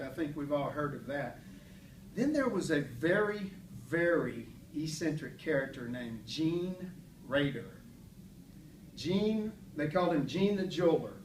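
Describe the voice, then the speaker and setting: A man tells folksy stories about his hometown in a prepared speech, with light self-deprecating humor. His voice sits a little higher than most men's. The echoey room is picked up from a distant camera, with a faint hum behind him. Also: animated, measured pace. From Paris, Texas. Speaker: club speaker.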